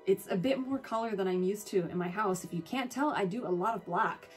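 A woman chatting casually through a product haul, gushing and excitable, often breaking into squeals of delight and correcting herself mid-sentence. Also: medium pitch, a little fast, faint music behind. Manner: chatty with self-corrections and asides. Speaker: home and collectibles vlogger.

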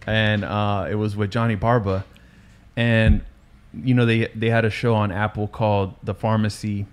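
A man with a lowish voice tells stories in a loose, slangy way, swearing as he goes. He is a podcast host and DJ, chatting casually with friends. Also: little pitch movement, normal speed, smooth. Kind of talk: casual chat.

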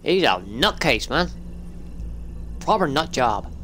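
A man's voice: fairly high pitch, very animated, slow pace, bright, forceful tone, a little hiss or hum. A man commenting wryly while playing a video game, swearing now and then. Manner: sweary, wry asides. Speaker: gamer. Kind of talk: let's play commentary. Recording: game music underneath.

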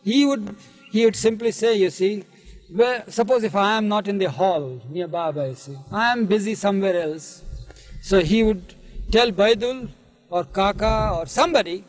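A man with a high voice recalls old stories in an archival interview from 1971. He talks at a leisurely pace and keeps adding "you see" as he goes. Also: moderate pace, soft background music, low-quality recording. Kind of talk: anecdotal storytelling interview.

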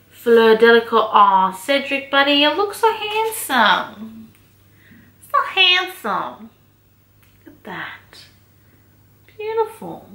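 A young woman vlogger chatting excitedly through an unboxing, gushing and exclaiming, with casual swearing. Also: on the high side, takes it slowly, pauses often. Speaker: book vlogger. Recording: echoey room, faint noise.

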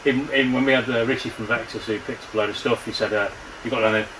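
A man's voice: mid-range voice, fairly even intonation, racing. A man who runs a toy shop, chatting in a self-deprecating, jokey way with a visitor in his cluttered shop. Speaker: vintage toy shop owner. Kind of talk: casual chat with a visiting vlogger. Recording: distant camera audio with crowd noise.

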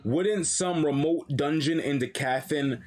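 A man's voice: on the high side, unhurried, a little mellow. A man reading out a young hero's lines in a formal, deferential way, close to his own voice.

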